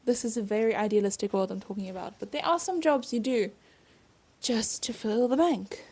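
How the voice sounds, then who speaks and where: A woman's voice: fairly high pitch, normal speed, a little mellow, husky. A woman hosting her own podcast, a stage performer talking casually and reflectively with frequent asides and laughs.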